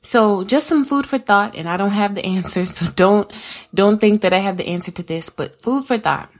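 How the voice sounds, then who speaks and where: A woman's voice: mid-range voice, moderate pace. A woman, teaching a casual Bible study in a chatty, conversational way. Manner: chatty and conversational, addresses listeners as y'all.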